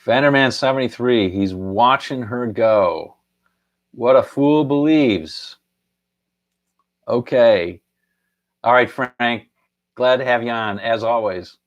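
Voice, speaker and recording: A man's voice: mid-range voice, a little slow. A middle-aged man hosting a casual live stream, chuckling often and half-singing song lines as he reads out viewer answers.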